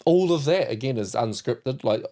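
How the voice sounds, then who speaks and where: Male NZ podcast host, middle pitch, animated storyteller, casual. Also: normal speed. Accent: New Zealand. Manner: animated storyteller, laughs and acts out quotes. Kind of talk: casual chat.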